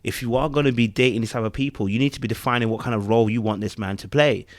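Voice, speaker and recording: A man's voice: mid-range voice, racing, dry recording. Dry-sounding man chatting on a podcast. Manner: thinking aloud with rhetorical asides and restarts. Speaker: podcast co-host. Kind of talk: casual review chat.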